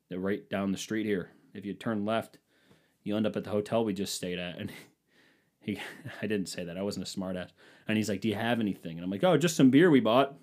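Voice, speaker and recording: A man's voice: lowish voice, darkish tone. A young man from the United States telling a rambling, profane, jokey story as a casual podcast host, acting out the exchanges.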